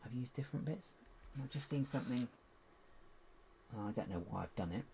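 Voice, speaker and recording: Man with a cracky, gravelly voice. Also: mid-range voice, expressive, a little fast, warm tone, a little hiss or hum. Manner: mutters to himself while sorting bricks. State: voice going cracky, needs a drink. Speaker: LEGO builder and streamer. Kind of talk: casual live build commentary.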